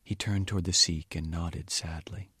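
A man reading from his novel in a measured, quiet way, at times almost whispering. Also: low voice, steady tone, husky, dry recording, clean studio sound. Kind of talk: audiobook-style reading.

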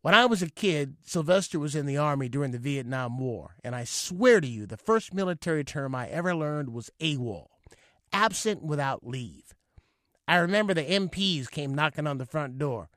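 Man from California, wry memoir storyteller, slightly high voice, dry close sound. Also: moderate pace, dry recording. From California, United States. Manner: animated, wry comic delivery. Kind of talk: solo stage memoir storytelling.

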